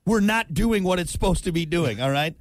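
A man with a fairly high voice tells a story in a casual podcast chat. He sounds animated and exasperated. The sound is dry and close to the mic. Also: a little fast, no room sound. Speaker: podcast co-host.

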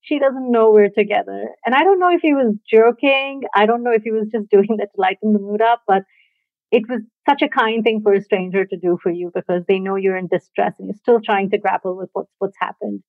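A woman casually telling a personal story in a reflective, halting way, often laughing softly between thoughts. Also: medium pitch, no echo. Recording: dry, tinny phone-like sound.

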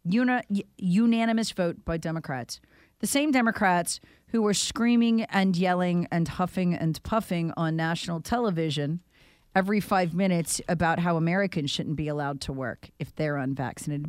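A woman's voice: lowish voice, normal speed, darkish tone, dry recording, clean studio sound. A woman hosting a talk show, speaking in an indignant, sarcastic way. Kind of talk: opinionated talk radio chat.

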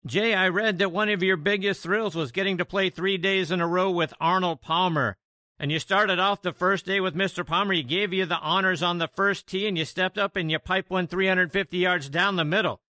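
A man hosts a podcast interview, reading his questions to the guest smoothly. His voice is fairly high and crisp, with a bright edge. The sound is dry and close, with no room around it. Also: steady tone, a little fast, dry recording. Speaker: podcast host.

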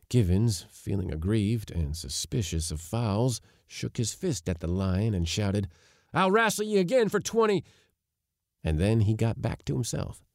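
A man reading a story aloud in an expressive, wry narrating manner. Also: fairly low pitch, gravelly, no room sound, studio quality. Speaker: audiobook narrator.

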